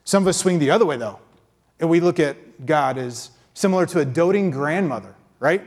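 A man's voice: lively intonation, a little mellow. Conversational man preaching a sermon. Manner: conversational, acts out quick impressions with pitch jumps.

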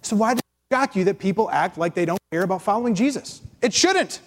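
A man preaching a sermon as pastor, animated, acting out complainers in mocking voices. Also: high-pitched, brisk, in a large hall. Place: church.

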